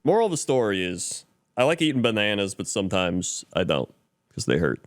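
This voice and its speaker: A man's voice: lowish voice, very animated, brisk, no room sound, clean studio sound. A man co-hosting a podcast in casual chat, laid-back and mumbling. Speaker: podcast co-host.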